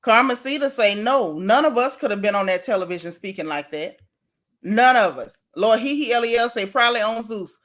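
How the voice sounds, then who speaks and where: Sassy, animated woman gossip host. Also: a little high, brisk. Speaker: livestream host. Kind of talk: casual gossip livestream, reading viewer comments.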